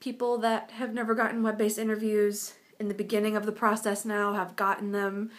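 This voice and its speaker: A woman in her twenties vlogs casually from her bedroom in a confessional style, chatting and rambling with lots of fillers. Her mid-range voice moves little in pitch, and she speaks briskly.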